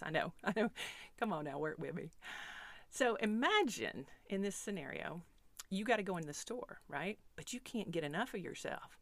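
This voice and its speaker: A woman's voice: medium pitch, animated, normal speed, no room sound. A woman self-help coach guiding the listener through a visualization exercise in a coaxing, playful way. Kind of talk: guided visualization talk.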